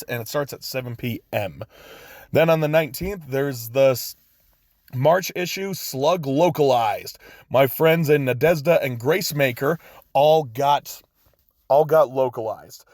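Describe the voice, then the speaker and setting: A man hosting a podcast, reading out upcoming gigs in a laid-back way with frequent chuckles and quick asides. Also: medium pitch, a little mellow, dry recording, studio quality. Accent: American. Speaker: podcast host. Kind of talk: casual show listings.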